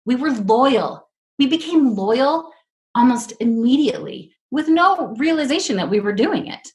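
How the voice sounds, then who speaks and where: Lively storytelling woman host. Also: high-pitched, measured pace. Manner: lively, acts out quoted voices. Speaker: podcast host. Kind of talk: casual storytelling.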